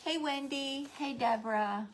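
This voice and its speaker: Soft-spoken middle-aged woman hosting a crafts livestream. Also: sits high, unhurried, noisy background. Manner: chatty, greets viewers by name; talking softly so a baby can sleep. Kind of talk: live craft tutorial chat.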